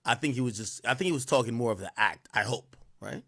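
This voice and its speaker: A man hosting a livestream, reacting to a clip in casual, slangy, excitable commentary. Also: medium pitch, fast, slightly rough. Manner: animated, excitable, slangy, repeats himself.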